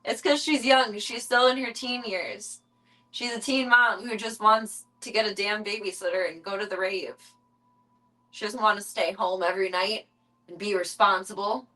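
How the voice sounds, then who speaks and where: A woman streaming casually from home, chatting to viewers and cooing baby talk at her kittens, her voice jumping high when she talks to them. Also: steady tone, moderate pace, sharp tone, rough recording. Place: home room with cat enclosure.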